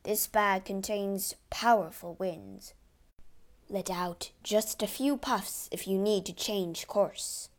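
A woman's voice: medium pitch, slow, lightly acted. Woman voicing a kindly keeper of the winds.

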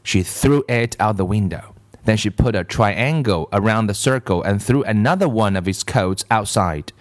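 Slow, lively-toned male storyteller. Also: medium pitch, no room sound, clean studio sound. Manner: slow, expressive read-aloud. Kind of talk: reading a children's book aloud.

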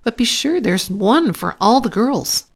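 Lady reading as a happy little birthday boy, pitched way up, slow and bouncy. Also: lively intonation, breathy edge, full character voice. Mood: excited. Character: eager eight-year-old boy, friendly planner.

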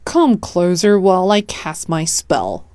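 Woman reading as a grumpy old frog witch, deep croaky voice, slow and scolding, storybook. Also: sing-song, darkish tone, dry recording. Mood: scornful. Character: ancient grumpy wise female frog who does magic.

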